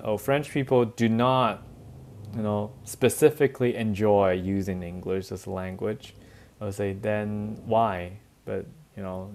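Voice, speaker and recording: A man's voice: on the low side, darkish tone. Man giving a chatty lesson. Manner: chatty, says "right?" often, laughs lightly. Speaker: English teacher. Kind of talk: relaxed bilingual classroom lecture.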